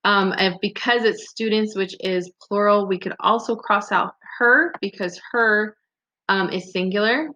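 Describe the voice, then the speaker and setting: A woman's voice: medium pitch, fairly bright tone. A woman teacher giving a remote grammar lesson in a patient, explaining way, reading example sentences aloud. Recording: dull lo-fi recording.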